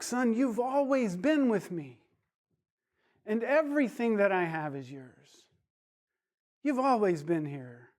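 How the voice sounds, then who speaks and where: A loving older father reassures his son in a tender, pleading way, as a male teacher puts him on. The voice is fairly high and the words come slowly. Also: darkish tone, heavily acted.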